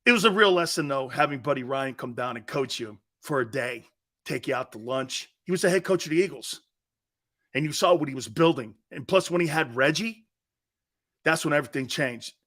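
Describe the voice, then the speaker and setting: A man in his fifties, a sports talk host, telling stories in an excitable, rambling way and laughing often. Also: medium pitch, fairly quick. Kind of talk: animated storytelling.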